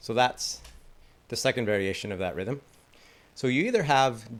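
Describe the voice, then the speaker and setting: A man's voice: medium pitch, lively intonation, moderate pace, pauses often. A man teaching a didgeridoo lesson in a casual, enthusiastic way, chatting and laughing at his own slips. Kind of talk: casual instructional talk.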